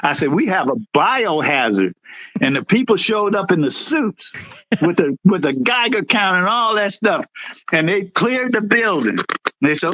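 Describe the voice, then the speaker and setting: A high, bright male voice with a wide swing in pitch. He is a middle-aged veteran telling old service stories in a loose, casual way and acting out every quote. The sound is dry and close, with no room around it. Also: moderate pace, no echo, poor audio. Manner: animated, jumps high when acting out quotes. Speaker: veteran guest, former Air Force supervisor. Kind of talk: casual storytelling.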